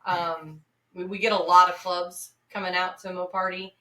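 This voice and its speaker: A woman's voice: lowish voice, little pitch movement, moderate pace, bright, forceful tone, far from the mic. Chatty woman co-host in a roomy room. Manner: chatty, promotional, many fillers. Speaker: podcast co-host. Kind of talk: casual chat. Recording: roomy, off-mic sound.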